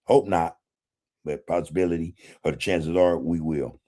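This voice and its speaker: A man's voice: low voice, normal speed, warm tone. A man hosting a casual livestream, reading chat comments in a laid-back way, swearing freely and chuckling often. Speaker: podcast host reading live chat.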